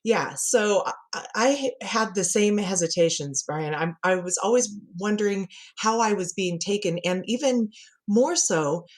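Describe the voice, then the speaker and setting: A middle-aged woman, a communication coach, chatting as a podcast guest and telling animated stories with frequent laughter. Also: mid-range voice, measured pace. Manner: lively storyteller who laughs often and acts out quotes. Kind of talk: conversational podcast interview.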